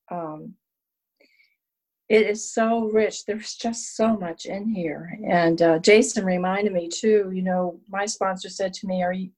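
A woman sharing her own story at a recovery meeting, candid and self-deprecating, telling it with animated asides. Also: medium pitch, low-quality recording. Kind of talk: personal sharing at a support meeting.

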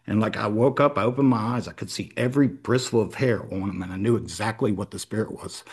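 A man sharing a personal recovery story, emotional and halting, with many restarts. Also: fairly low pitch, a little mellow, slightly rough. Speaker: meeting member sharing a story. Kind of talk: personal testimony.

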